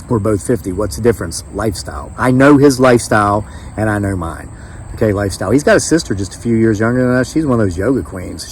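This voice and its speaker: A man's voice: medium pitch, husky. Emphatic folksy man in his fifties. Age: 50s. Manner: animated, emphatic, folksy, with quick swings in loudness. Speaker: homesteading vlogger and disabled veteran. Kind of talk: casual storytelling to camera.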